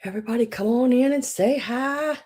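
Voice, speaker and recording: A woman's voice: on the high side, fairly quick. A woman hosting a live vintage sale stream, chatting in a folksy way and greeting viewers by name. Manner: drops into soft muttering asides. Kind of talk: casual live-stream chat.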